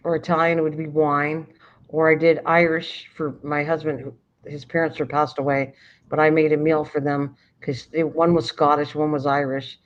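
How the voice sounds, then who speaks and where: A woman's voice: deep voice, flat delivery, normal speed. An older woman hosting a casual late-night chat, rambling and often restarting sentences while she searches for words. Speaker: livestream host. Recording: dull lo-fi stream audio.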